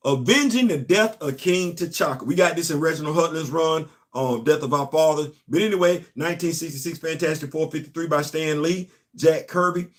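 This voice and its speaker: Animated man chatting about comics. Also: fairly high pitch, normal speed, hardly any pauses. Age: middle-aged. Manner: animated, talks straight to the audience, rising to loud exclamations. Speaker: host of a comics commentary channel. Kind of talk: casual commentary to viewers.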